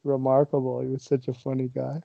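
A man, a guest on the show, telling stories in an animated way and laughing as he goes. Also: medium pitch, fairly quick, gravelly, dry recording. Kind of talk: casual storytelling. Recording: dull lo-fi sound.

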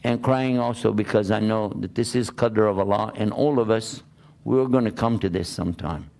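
A man giving a religious talk to an audience, lively and questioning, often acting out the voices of the people he quotes. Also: fairly low pitch, normal speed, creaky. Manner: animated, plays out quoted voices and asks rhetorical questions. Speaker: Islamic preacher.

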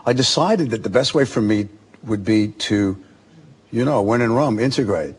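An Australian actor in his forties, a talk-show guest telling lively anecdotes and acting out other people's voices. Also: on the low side, normal speed, husky. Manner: animated storyteller, acts out other voices. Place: television studio.

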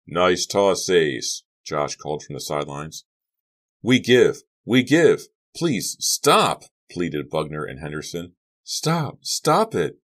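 A man reading a teen horror novel aloud as an audiobook narrator, lifting his voice for the characters' lines. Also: rumbling low.

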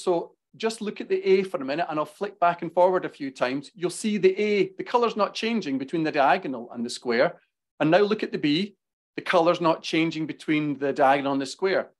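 A man with a Glaswegian Scottish accent giving a business talk with slides, speaking quickly and passionately. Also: fairly high pitch. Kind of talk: presentation with slides.

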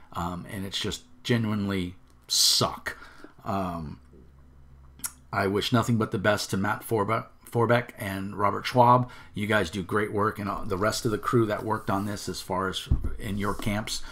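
A man's voice: on the low side, a bit bright. A middle-aged man hosting his own channel, delivering an angry rant to camera, indignant, stumbling over repeated words and swearing. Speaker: channel host.

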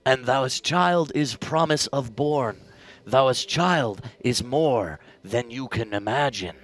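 A man's voice: mid-range voice, lively intonation, takes it slowly. A man playing a pompous otherworldly prophet spirit in an improvised comedy bit, talking in clumsy mock-archaic speech. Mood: prophetic. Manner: mock-archaic grandiose speech, fumbling thee and thou. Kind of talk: improvised comedy role-play on a stream.

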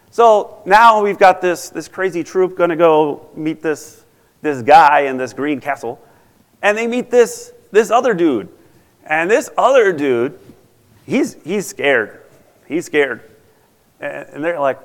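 A man's voice: fairly high pitch, expressive, a little slow. A man speaking at a conference, retelling a story in a breezy, slangy way. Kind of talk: playful storytelling. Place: large conference hall. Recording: reverberant conference hall.

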